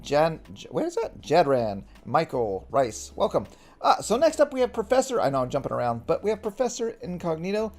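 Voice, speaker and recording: A man with a slightly raised, gravelly voice runs a loose group podcast. His pitch leaps around as he jokes, stumbles through introductions and laughs a lot. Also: wildly swooping pitch, fairly quick, darkish tone. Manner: playful, jumpy, laughs often. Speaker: podcast host. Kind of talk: casual group chat.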